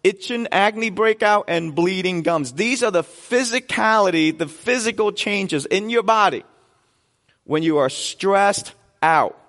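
A man's voice: sits high, measured pace, fairly bright tone, in a large hall. A man preaching a sermon as pastor, conversational and joking with his congregation in a church sanctuary.

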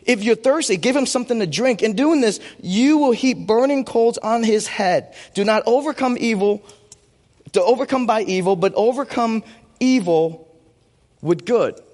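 A man's voice: high-pitched, moderate pace, darkish tone, big-room sound. A man preaching a sermon as pastor in a church, playful and joking with a volunteer on stage.

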